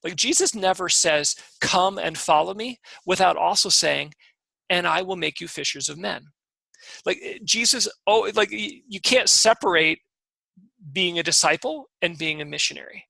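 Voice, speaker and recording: High, gravelly man talking eagerly. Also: moderate pace, bright, forceful tone, no echo, rough recording. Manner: earnest, eager, many restarts. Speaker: podcast co-host. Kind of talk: casual faith discussion.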